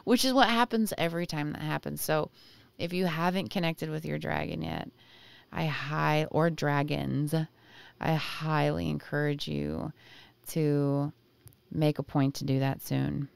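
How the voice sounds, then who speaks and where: A woman's voice: low-pitched, fairly even intonation, unhurried, vocal fry, smooth, dry recording. A woman giving a casual intuitive tarot reading, chatty and often searching for words. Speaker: tarot reader.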